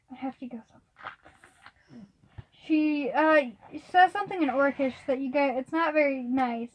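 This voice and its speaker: A young woman running a casual tabletop game as game master, rambling and halting with many fillers. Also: sits high, muffled recording. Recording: faint background noise.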